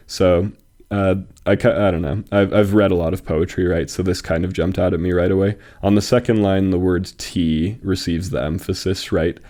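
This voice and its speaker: A man's voice: sits low, fairly even intonation, normal speed, warm tone. A young man hosting a review of fan poetry, reading poems aloud and critiquing them in a thoughtful, hesitant way. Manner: thoughtful, hesitant, many fillers and restarts. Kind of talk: casual critique and poem reading.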